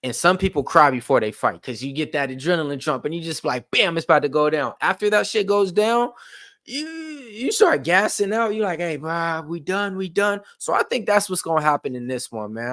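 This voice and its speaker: A man's voice: a little high, animated, brisk, a bit bright, no echo. A man hosting a live fight watch-along stream, chatting in a loose, rambling way full of slang and fillers. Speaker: stream host.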